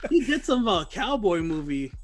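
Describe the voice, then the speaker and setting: Man, high voice, laid-back movie podcast, jokey, quotes characters. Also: big pitch swings, normal speed. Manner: joking, mimics characters in quotes. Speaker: podcast co-host. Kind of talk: casual movie review chat.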